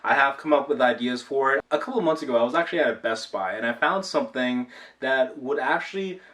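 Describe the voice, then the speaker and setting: A man's voice: mid-range voice, animated, quick pace, fairly bright tone, distant mic. A young man from Rhode Island chatting casually on his own channel, rambling and self-deprecating. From Rhode Island, USA. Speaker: YouTube channel owner. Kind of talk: casual vlog chat.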